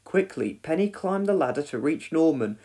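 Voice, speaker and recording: Expressive storybook reader, voice swoops up and down a lot, reads it all out. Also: mid-range voice, moderate pace, husky. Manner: expressive, reads every character in a different voice. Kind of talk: read-aloud storybook narration.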